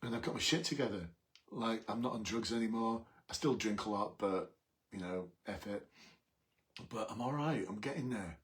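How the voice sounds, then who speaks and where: A man voicing a rough reformed ex-offender, blunt and sweary. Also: fairly low pitch, normal speed, lightly acted.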